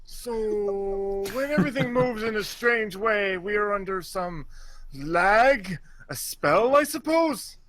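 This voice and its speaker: A man's voice: high-pitched, lively intonation, slow, a bit bright, slight background noise, exaggerated voice. A man putting on a bewildered old author. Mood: confused. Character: elderly male author, puzzled by a computer game.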